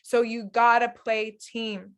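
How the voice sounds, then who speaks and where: A young woman runs a relationship masterclass, coaching couples with candid, animated energy and frequent laughter. Her voice sits a little high, with a slow pace and a clear, resonant tone.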